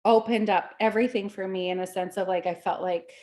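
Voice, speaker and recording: A woman co-hosting a casual chat, telling a story with lively acted-out quotes and frequent laughs. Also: mid-range voice, brisk. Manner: animated storytelling, acts out quoted voices; laughs often. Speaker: podcast co-host.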